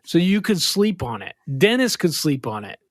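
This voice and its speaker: A man's voice: a little high, sing-song, normal speed, dry recording, studio quality. A man co-hosting a casual podcast, telling a rambling story in a playful, joking way. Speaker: podcast co-host.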